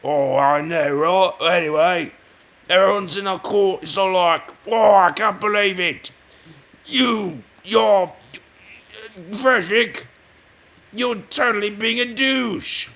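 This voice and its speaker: A man voicing a shocked, gossiping courtier with loud, indignant exclamations. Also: high-pitched, slow pace, pitched above the performer's own voice, full character voice.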